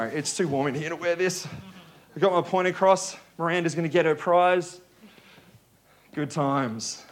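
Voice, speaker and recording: A man's voice: a little high, a bit bright. A male pastor preaching a sermon in a conversational way, joking with the congregation.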